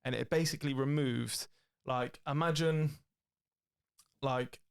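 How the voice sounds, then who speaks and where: A British man with a gravelly, fry-edged voice, cohosting a podcast. He tells long, swear-laden stories full of tangents and puts on the voices of the people he quotes. His pitch sits mid-range. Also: a little slow. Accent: British English. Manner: rambling, profane, animated storytelling with acted-out quotes. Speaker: podcast co-host. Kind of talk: casual storytelling chat.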